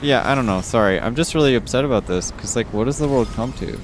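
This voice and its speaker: A man's voice: lively intonation, quick pace, a little hiss or hum. A man streaming live, ranting casually with lots of swearing while reading chat comments. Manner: ranting, frequent swearing, rising exasperated pitch. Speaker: livestreamer.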